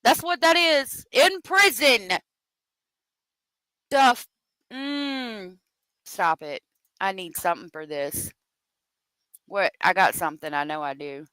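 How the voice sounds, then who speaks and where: A woman's voice: medium pitch, slow pace, long pauses, sharp tone, clean tone, no echo, rough recording. A woman hosting a true crime commentary show, talking off the cuff in a profane, exasperated rant.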